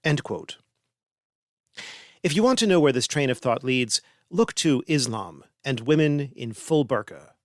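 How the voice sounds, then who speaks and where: A man hosting a podcast, reading essays aloud in a measured, formal way. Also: medium pitch, expressive, dry recording, clean studio sound. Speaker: podcast host.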